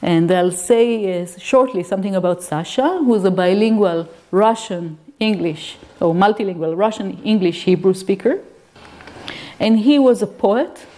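Mellow-voiced woman giving a lecture. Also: mid-range voice, moderate pace. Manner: explanatory, checks in with listeners. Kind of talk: academic lecture.

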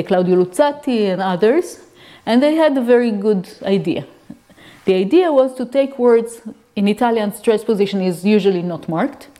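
A woman's voice: medium pitch, dark tone. A woman lecturing on reading disorders, explaining step by step and checking in with her listeners. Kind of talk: academic lecture.

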